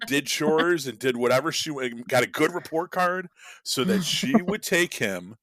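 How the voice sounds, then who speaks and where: A man's voice: a little high, lively intonation, normal speed, a bit bright, dry recording. A man hosting a podcast, telling a story in a rambling, profane, casual chat. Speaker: podcast host.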